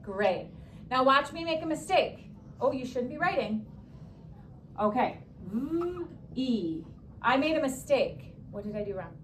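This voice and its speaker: A young woman teaching a classroom spelling lesson, upbeat, stretching words and throwing in quick asides. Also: sits high, animated, slight background noise.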